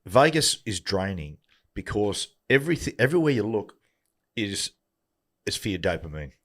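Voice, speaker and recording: A middle-aged man with a fairly low voice tells a long anecdote on a podcast. He is animated and acts out each person's lines as he goes. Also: normal speed. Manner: animated anecdote-teller who acts out dialogue. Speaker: podcast guest. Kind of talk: casual chat.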